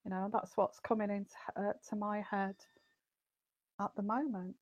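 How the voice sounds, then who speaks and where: A woman's voice: medium pitch, fairly even intonation, moderate pace, darkish tone, no room sound. Chatty woman hosting a livestream. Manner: chatty, greets viewers by name, many fillers. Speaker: psychic livestream host. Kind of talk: casual livestream chat.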